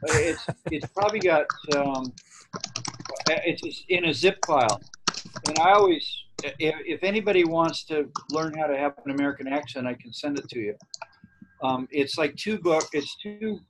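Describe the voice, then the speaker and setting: Chatty man with higher voice. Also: fairly bright tone, slight background noise, low-quality recording. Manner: chatty, rambling, hesitant restarts. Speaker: teacher. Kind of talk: casual discussion.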